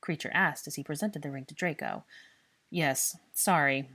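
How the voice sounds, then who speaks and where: Low-voiced woman reading fan fiction. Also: huge pitch swings, fast talker, gravelly, sharp tone, husky. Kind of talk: storybook narration.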